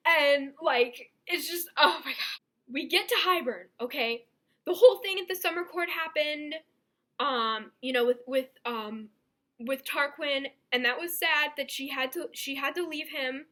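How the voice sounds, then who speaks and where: High bright-voiced gushing young woman. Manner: gushing, rambling, fast asides to viewers. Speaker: book reviewer. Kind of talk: excited casual book review.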